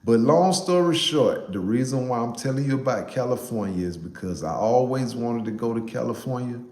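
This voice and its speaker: A young man, casually telling a personal story to a live chat, animated and repeating himself for emphasis. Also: mid-range voice, moderate pace, roomy sound.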